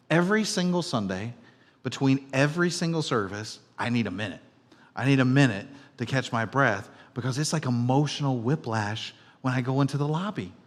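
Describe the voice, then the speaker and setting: A middle-aged male pastor preaches in a conversational, storytelling way, his voice rising loud and then sinking to a hush. His medium voice carries a long reverb from the church hall around him. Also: medium pitch. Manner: conversational storytelling, swinging between loud and hushed. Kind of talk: sermon. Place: church auditorium.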